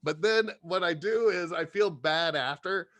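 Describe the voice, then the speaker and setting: A man guesting on a podcast, telling stories in a profane, animated, casual way. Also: a little high, measured pace, no echo. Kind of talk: casual storytelling chat.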